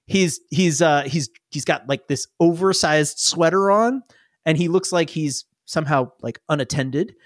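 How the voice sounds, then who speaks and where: A man narrating and running a tabletop game as game master, animated and often laughing. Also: fairly high pitch, measured pace, no room sound, clean studio sound. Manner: animated, laughing, acts out little voices.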